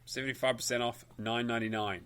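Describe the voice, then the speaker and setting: A man's voice: mid-range voice, flat delivery, quick pace, fairly bright tone, clean tone. A man co-hosting a gaming podcast, talking in a casual, rambling way with frequent restarts. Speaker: podcast co-host. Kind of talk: casual chat.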